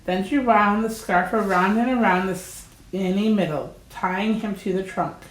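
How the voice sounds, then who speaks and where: A woman reading a children's story aloud, gentle and deliberate. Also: medium pitch. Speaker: storybook reader. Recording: roomy echo.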